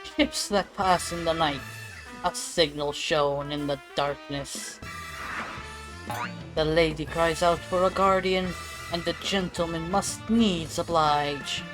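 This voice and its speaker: A theatrical gentleman detective acted by a woman in a put-on British accent, all flowery vows and old-fashioned courtesy. The voice is pitched low for a game-style reading, with faint music underneath. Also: fairly even intonation, slow pace, rough recording. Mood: grandiose. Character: gallant gentleman inspector, theatrical and proud.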